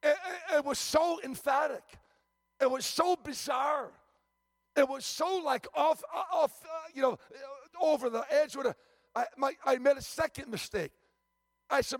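A man's voice: very high-pitched, normal speed, no room sound, studio quality. A man preaching a sermon as a visiting preacher, telling stories emphatically with frequent restarts and stammers.

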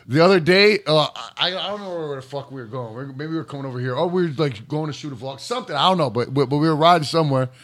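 A man's voice: a little high, fast talker, few pauses, a bit bright. A man co-hosting a podcast in casual chat, telling rambling stories with frequent laughs and swearing. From Michigan, US. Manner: rambling, laughing, profane storytelling. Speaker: podcast co-host.

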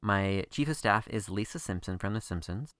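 A man's voice: fairly low pitch, animated, normal speed, fairly bright tone, dry recording, studio quality. A man co-hosting a podcast, chatting wryly and casually about a TV episode. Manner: chatty and wry. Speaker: podcast co-host. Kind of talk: casual TV recap chat.

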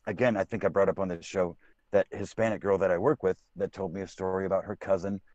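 Blunt, swearing man with a low voice. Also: flat delivery, fast, darkish tone, dry recording, muffled recording. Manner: blunt, profane, restarts often. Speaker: podcast co-host. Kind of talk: casual political chat.

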